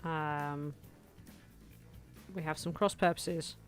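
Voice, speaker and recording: Low-voiced woman, chatty gamer. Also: steady tone, takes it slowly. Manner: chatty, self-amused, thinks aloud, often laughs. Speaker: gaming video host. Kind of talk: casual let's-play commentary. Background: faint game music.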